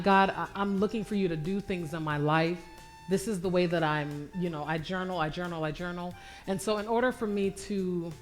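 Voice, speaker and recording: Animated woman coach speaking at church. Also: lowish voice. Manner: animated, acts out her own prayers and inner dialogue; repeats phrases for emphasis. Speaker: guest speaker, business coach. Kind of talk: Q&A talk at a church event. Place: church sanctuary, live stream.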